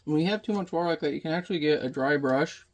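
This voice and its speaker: A man's voice: fairly high pitch, quick pace. A man in his thirties rambling and joking with mild swearing as he chats casually while painting at home. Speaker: painting vlogger.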